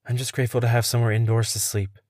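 A man's voice: medium pitch, flat delivery, rapid-fire, darkish tone, dry recording, clean studio sound, natural voice. A man voicing a frightened, starving young male stranger who mumbles warily in a horror audio story. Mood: nervous. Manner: mumbling, wary.

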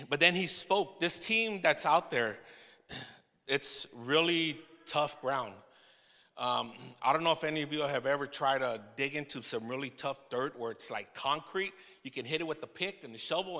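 A man preaching a testimony sermon to his church, telling the story with laughing asides and halting restarts. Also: a little high, pushed and bright, in a large hall. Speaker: pastor.

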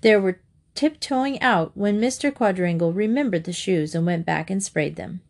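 A woman reading a children's chapter book aloud, narrating in a gentle, even way. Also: mid-range voice, moderate pace, vocal fry. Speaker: storyteller.

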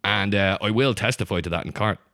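A man's voice: fairly low pitch, brisk, vocal fry, fairly bright tone. A man doing an improv scene as a chatty Irish bank robber, rambling with stammered restarts. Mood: defensive.

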